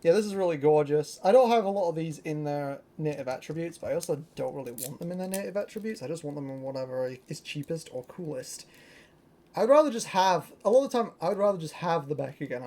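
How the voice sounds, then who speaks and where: Excitedly showing off a toy collection, a young adult from Britain chats loosely and rambles, using many fillers. Their pitch is medium, with slight background noise audible.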